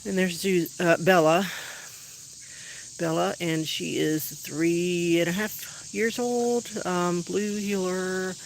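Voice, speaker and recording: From an outdoor backyard, a dog owner chats casually and rambles on a livestream, now and then shouting to call the dogs. The voice is mid-range, and the low-quality recording has slight background noise.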